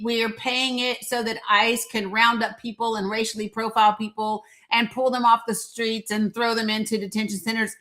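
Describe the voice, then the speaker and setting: Bright, high-voiced East Tennessee woman. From Northeast Tennessee. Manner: blunt, profane, sarcastic. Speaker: live show host. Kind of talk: live political commentary.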